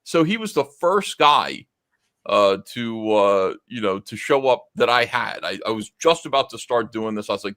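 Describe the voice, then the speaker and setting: A man's voice: fairly low pitch, lively intonation, normal speed, fairly bright tone, dry recording, clean studio sound. A middle-aged man hosting a livestream, telling a rambling anecdote with many fillers, restarts and casual swearing. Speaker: host.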